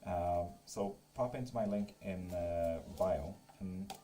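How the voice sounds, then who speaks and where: A man speaks slowly in a deep, dark-toned voice, with a little hiss or hum on the recording. He's doing live tarot readings in casual stream chat, reading viewers' comments aloud, teasing them and swearing freely, all in a joking way.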